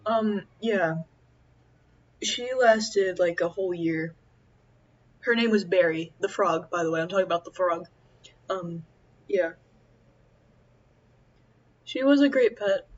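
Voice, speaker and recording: Rambling young woman with low voice. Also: lo-fi sound. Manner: rambling, halting, many fillers. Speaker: vlogger. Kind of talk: casual chat while eating.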